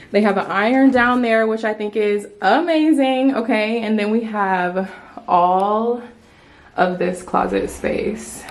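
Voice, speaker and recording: A young woman vlogging a hotel room tour in an excited, chatty way, full of playful slang, filmed on a handheld phone. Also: on the high side. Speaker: travel vlogger. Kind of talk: casual vlog room tour.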